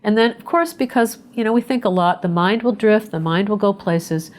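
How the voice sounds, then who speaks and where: A woman psychotherapist leading a webinar, talking in a gentle, conversational way and guiding listeners through a mindfulness exercise. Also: medium pitch, lively intonation, normal speed, slight background noise. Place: indoors, remote webinar.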